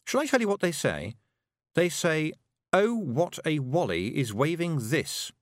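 Sly young witch girl, voiced by a male reader: slow, calm, sweetly cutting. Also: a little high, no room sound, clean studio sound, pitched above the performer's own voice.

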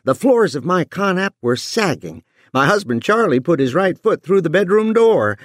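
A man's voice: big pitch swings, moderate pace, dry recording, clean studio sound. A man doing a brassy bellowing TV housewife. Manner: bellowing, pushy sales pitch. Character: brassy loud middle-aged female TV housewife.

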